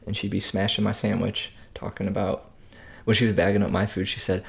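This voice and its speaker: A man's voice: fairly low pitch, flat delivery, brisk, gravelly. A man casually telling a story in slang between bites of food, as a food vlogger. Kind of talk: casual mukbang chat.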